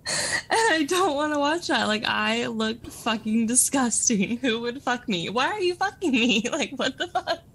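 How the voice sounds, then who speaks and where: A woman's voice: a little high, lively intonation, unhurried, fairly bright tone, slightly rough. A woman co-hosting a podcast in casual chat, giggly and self-deprecating. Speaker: podcast co-host.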